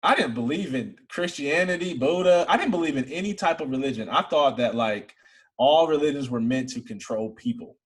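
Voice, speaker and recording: Husky young man telling his story. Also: mid-range voice, brisk. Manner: earnest storytelling, rising to excited emphasis. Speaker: interview guest. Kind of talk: personal testimony in an interview.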